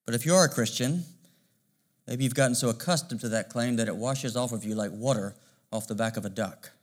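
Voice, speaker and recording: A male pastor preaching a sermon, measured and emphatic, asking rhetorical questions. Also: medium pitch.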